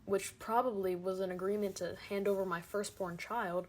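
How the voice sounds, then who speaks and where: A woman's voice: medium pitch, normal speed, hardly any pauses. A teenage girl ranting sarcastically and dramatically to camera in a comedic monologue. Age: teens. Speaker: comedic creator.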